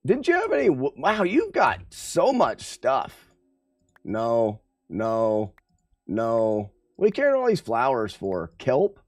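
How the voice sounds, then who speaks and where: A man with a gravelly, fry-edged voice gives live gameplay commentary to his chat. His pitch sits fairly high and swoops around a lot, and he talks in an unhurried way, full of playful trash talk. The sound is dry and close. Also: huge pitch swings, a little mellow, dry recording. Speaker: streamer.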